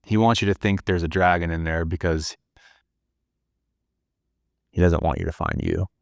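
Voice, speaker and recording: A man's voice: low voice, fairly even intonation, moderate pace, dry recording, clean studio sound. A man hosting a podcast, telling a reflective story in the second person, earnest and casual with some swearing. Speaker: podcast host.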